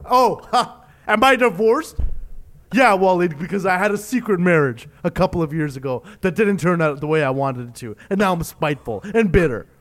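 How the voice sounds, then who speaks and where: A man with a notably high-pitched speaking voice trades jokey banter on a casual podcast. He slips into drawn-out sarcastic rants that drip with mock bitterness. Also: animated, a bit bright. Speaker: podcast co-host. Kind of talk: casual chat.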